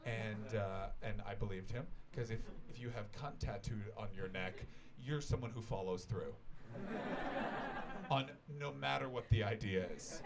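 A Canadian man performs stand-up at a small festival venue, with crowd noise around him. In a fairly low voice at a measured pace, he tells a long, rambling, self-deprecating story, swearing freely and acting out the voices of the people in it.

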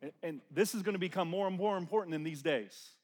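A man with a high voice preaches to his congregation, swinging from loud, emphatic declarations down to hushed, near-whispered lines. He repeats his key phrases and has the crowd call them back to him. His voice trails off in the long reverb of a church hall. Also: quick pace. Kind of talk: sermon.

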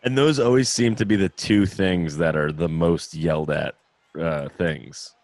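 Brief: deep-voiced young podcast host, laid-back and sweary, dry close sound. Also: male voice, measured pace, a little mellow, dry recording. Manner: laughing, loose, swears freely. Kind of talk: casual chat.

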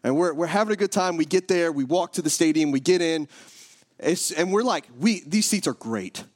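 A man's voice: on the high side, expressive, normal speed. A man in his thirties preaching, praying and then telling a joking personal story with many restarts. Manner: joking, self-interrupting storyteller. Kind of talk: sermon with prayer and personal story.

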